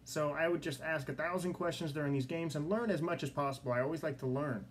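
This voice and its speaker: Excited young man hosting his podcast. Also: on the high side, fast, slight background noise. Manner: excited, repeats himself. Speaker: podcast host. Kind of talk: solo podcast monologue. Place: studio.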